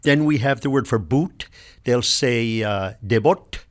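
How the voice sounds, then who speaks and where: A man's voice: mid-range voice, unhurried. Older man patiently explaining words. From Nova Scotia, Canada. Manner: patient, explains word by word with examples. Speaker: elder and linguist guest. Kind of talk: explanatory radio conversation.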